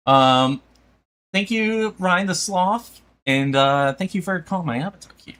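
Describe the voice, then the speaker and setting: A man's voice: fairly high pitch, expressive, takes it slowly, pauses often, a bit bright. A man chatting casually on a live stream while he draws, rambling with lots of filler and laughter.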